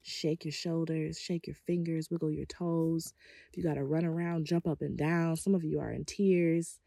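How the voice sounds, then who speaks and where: A woman's voice: low-pitched, fairly even intonation, normal speed, vocal fry, warm tone, dry recording, studio quality. A woman leading a guided breathing session, sharing personal stories in an earnest, conversational way with a spiritual coaching tone.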